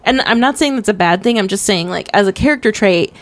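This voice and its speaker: A woman's voice: medium pitch, lively intonation, quick pace, no echo. A woman co-hosting a casual podcast, talking through a film with plenty of fillers and restarts. Her voice sits in a mid range and is recorded dry and close, with little room sound. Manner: chatty, many fillers and restarts. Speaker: podcast co-host. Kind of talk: casual movie discussion.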